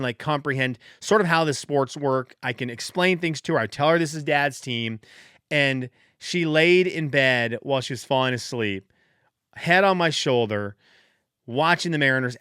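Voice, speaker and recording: Excitable, bright-voiced male podcaster. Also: mid-range voice, clean tone, no room sound, clean studio sound. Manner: excitable, rambling, bursts into cheering. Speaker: podcast host. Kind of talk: casual solo podcast chat.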